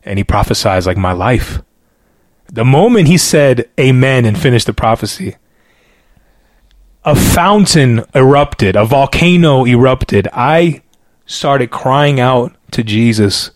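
Animated man telling his faith story, dry sound. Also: mid-range voice, takes it slowly, no room sound. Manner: animated storytelling, filler-heavy; self-described loud talker. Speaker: podcast guest. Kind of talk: personal faith testimony.

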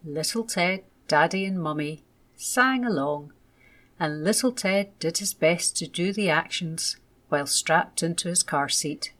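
A woman reading a children's story aloud in a gentle, measured way. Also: fairly low pitch.

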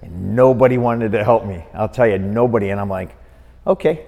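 A man's voice: fairly low pitch, fairly quick, creaky, long reverb tail. A middle-aged man from Wisconsin, a boxing referee and podcast guest, telling a long story and acting out the people he quotes. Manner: lively storyteller who acts out the people he quotes. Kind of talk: storytelling in an interview.

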